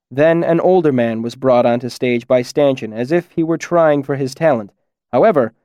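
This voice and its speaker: A man narrating a first-person fantasy audiobook in a measured, reflective way. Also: medium pitch, warm tone, no room sound, studio quality.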